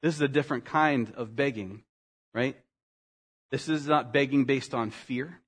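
A man preaching a sermon as pastor, animated, climbing to emphatic highs and sinking to quiet, earnest lines, with quick acted asides for people in the story. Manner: animated, rising to emphatic peaks and dropping to quiet.

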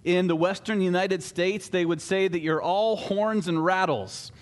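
Man preaching a relaxed, joking sermon. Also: high voice, measured pace. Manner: conversational, lightly humorous preaching. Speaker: pastor.

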